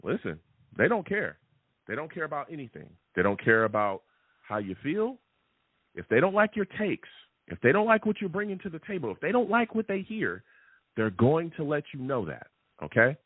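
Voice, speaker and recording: A man hosts a live sports call-in show, talking in an animated, chatty way and tagging his points with "okay?" His voice is a little husky and swings up and down a lot. The sound is thin and tinny like a phone line, and very dry. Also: a little high, normal speed, no echo. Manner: animated and chatty, repeats "okay?" and "all right?" often. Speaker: sports podcast host.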